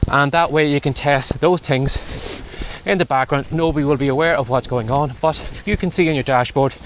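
A podcast host with a higher-than-average voice keeps his tone steady and his speed normal. Out on a walk in blustery, rainy weather, he's mildly out of breath as he chats and hands out advice for his vlog.

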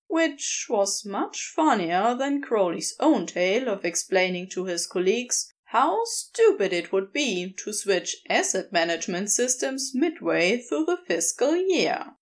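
A woman narrating fan fiction aloud with expressive storytelling. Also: on the high side.

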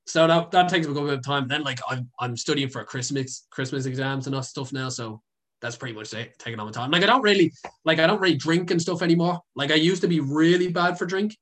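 A man's voice: on the high side, quick pace, a bit bright. A young Irish man chatting as a guest, telling stories in a rambling way full of fillers and swearing. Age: young adult. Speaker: guest, content creator. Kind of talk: casual storytelling.

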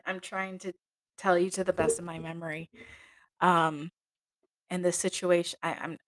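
A woman's voice: lowish voice, a bit bright. A woman who was once a nun hosts a podcast and tells a personal story in a candid, emotional way, often correcting herself mid-sentence. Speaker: podcast host and former nun.

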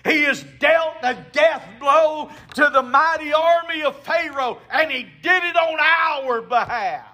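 High-voiced, emphatic preacher man. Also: unhurried, few pauses, sharp tone. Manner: emphatic preaching with call-and-response. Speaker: pastor. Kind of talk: sermon.

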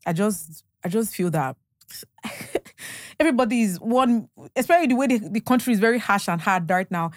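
Speaking a little fast with lively intonation and a medium pitch, this young Nigerian podcast guest tells stories in a casual, animated chat. She has a Nigerian accent, performs bits of dialogue, laughs a lot, and the studio-quality audio has no room sound.

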